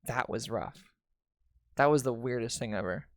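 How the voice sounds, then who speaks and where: A woman's voice: very deep voice, moderate pace, no echo, studio quality. A young woman streamer telling a painful family story in casual, candid talk, swearing and restarting often.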